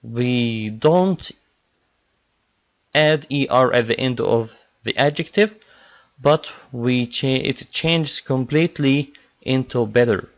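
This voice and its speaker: Slow-talking male English teacher. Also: medium pitch. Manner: slow, repetitive drilling of word pairs. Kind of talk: classroom grammar lesson. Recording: dull lo-fi recording.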